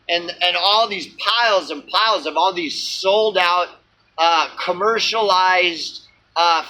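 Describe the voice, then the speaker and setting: A man with a high, sharp voice rants to his camera in a loose vlog. He swears freely and circles back on himself with many fillers and false starts. His tone is tense and bright throughout. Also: low-quality recording. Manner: profane, repetitive, many fillers and restarts. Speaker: small channel vlogger. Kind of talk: rambling unscripted rant to camera.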